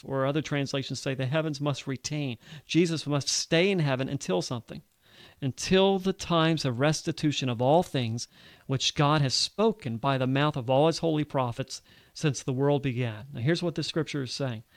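A man from Alabama, an earnest Bible teacher on a radio show, explaining scripture in conversation and reading verses aloud slowly. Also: on the high side, no echo.

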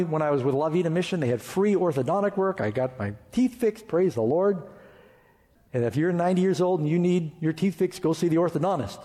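A man's voice: a little high, a little mellow. A man pastor preaching an emphatic sermon and reading scripture aloud. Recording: reverberant hall.

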